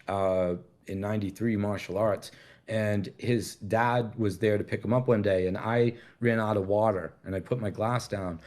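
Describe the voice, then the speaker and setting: A middle-aged man telling long stories in casual conversation, rambling and cursing freely. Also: fairly low pitch. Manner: rambling, profane, laid-back storytelling. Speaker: guest.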